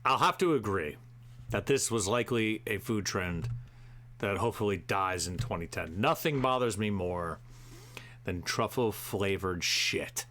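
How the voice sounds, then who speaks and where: A man hosting a live show, ranting profanely and swinging between shouting and muttering to himself. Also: fairly low pitch, measured pace. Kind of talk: profane comedic rant.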